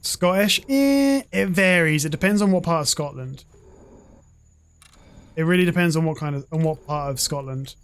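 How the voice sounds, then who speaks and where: A man's voice: on the high side, normal speed, long pauses, fairly bright tone, clear, resonant tone. A man in his forties chatting casually while gaming, rambling and swearing freely as a streamer.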